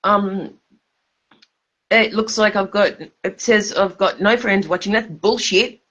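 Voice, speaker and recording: A woman's voice: slow, fairly bright tone. Drunk Australian woman, rambling livestream chat, laughs mid-sentence, muffled lo-fi phone sound. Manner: loose, repetitive, laughs mid-sentence, sudden pitch jumps. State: drunk, slurring.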